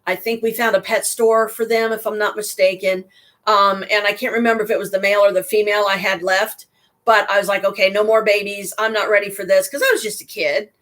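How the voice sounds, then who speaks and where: A woman's voice: medium pitch, fairly even intonation, a little fast, fairly bright tone. A woman telling personal stories casually, rambling and heartfelt, with frequent restarts and asides. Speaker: storyteller addressing a listener.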